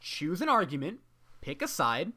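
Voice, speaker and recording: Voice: medium pitch, sing-song, normal speed, sharp tone. Exasperated young adult student ranting. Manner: exasperated, profane, heavy on "you know" fillers. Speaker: student venting about a graded paper. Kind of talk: ranting vlog monologue.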